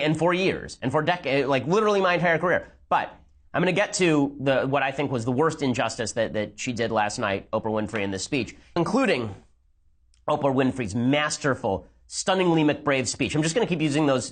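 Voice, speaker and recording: A man giving rapid, sarcastic commentary as he reacts to a speech and argues his point. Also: mid-range voice, fairly bright tone. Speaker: political commentator.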